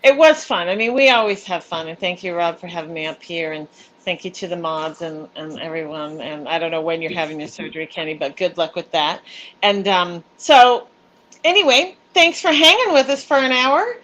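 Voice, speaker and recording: A woman co-hosting a casual livestream chat, easygoing and quick to laugh. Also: on the low side, fairly bright tone, highs cut off. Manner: giggly and easygoing. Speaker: livestream co-host.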